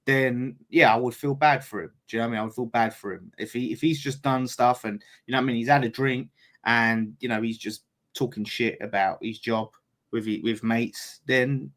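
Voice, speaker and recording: A man's voice: medium pitch, steady tone, moderate pace, fairly bright tone. Informal man talking football. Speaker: podcast pundit. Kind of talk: casual football chat.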